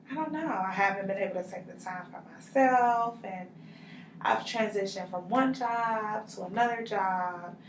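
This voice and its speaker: A young woman speaking as a client in a counseling role-play, frustrated and halting, with many fillers. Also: on the high side. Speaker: counseling client in a practice session. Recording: roomy, mic from far off, faint noise.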